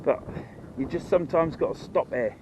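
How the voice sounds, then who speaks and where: Against a noisy background, a Norfolk man speaks at a moderate pace in a voice on the high side. The fishing vlogger rambles in broad dialect, chatting casually to camera as he fishes outdoors beside the water.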